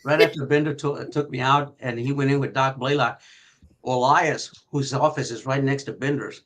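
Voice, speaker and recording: An older man and retired detective telling police stories in a profane, animated way, acting out shouting as he goes. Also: medium pitch, normal speed, slight background noise, low-quality recording. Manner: profane, animated storyteller who acts out shouting. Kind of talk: storytelling on a podcast.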